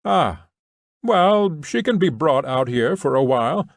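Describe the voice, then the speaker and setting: A man voicing a brisk middle-aged prison inspector giving orders. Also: on the high side, expressive, vocal fry, no echo, voice pushed up.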